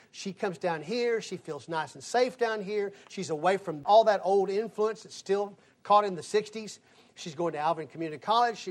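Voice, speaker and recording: A man teaching a conversational Bible lesson as a Sunday school teacher, telling stories and acting out the dialogue. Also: high voice. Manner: animated storyteller acting out dialogue.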